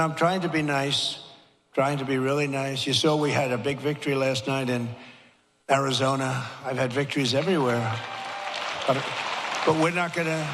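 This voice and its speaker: An older man giving a rally speech. He talks in short, repetitive, punchy phrases and builds to shouted slogans. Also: mid-range voice, a little hiss or hum. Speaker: political speaker at a rally. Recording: reverberant hall, gravelly.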